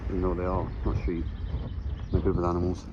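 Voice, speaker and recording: A man's voice: low-pitched, monotone, fast, muffled recording. A young man, chatting casually to his phone camera as he hikes up a windy hillside. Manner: chatty, matey, talks to camera while walking. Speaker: travel vlogger. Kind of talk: casual hiking vlog. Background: wind and outdoor ambience.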